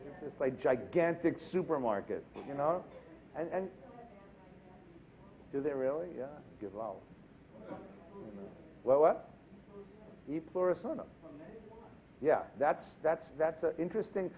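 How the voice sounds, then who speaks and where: Animated high-voiced rabbi preaching. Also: male voice, a little hiss or hum, low-quality recording. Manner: animated, humorous, asks the congregation questions. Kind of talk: sermon. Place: synagogue during a service.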